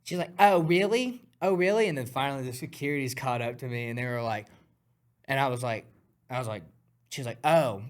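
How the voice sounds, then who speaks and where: A man guest on a talk podcast, telling a story in an animated, profane way, acting out punches with sound words. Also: mid-range voice, a little fast, clear, resonant tone. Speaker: guest fighter.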